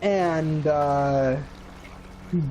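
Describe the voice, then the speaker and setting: A teenage boy rambling through a casual, profane story, often mimicking other people in a higher voice. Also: very slow, dark tone, slight background noise, poor audio. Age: teens. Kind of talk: casual chat.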